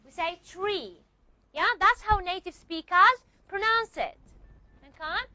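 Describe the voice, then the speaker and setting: Woman teacher, very high bright voice, lively pitch, repeats examples, dull lo-fi classroom recording. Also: measured pace. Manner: repeats and models sounds, checks understanding often. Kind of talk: classroom lecture.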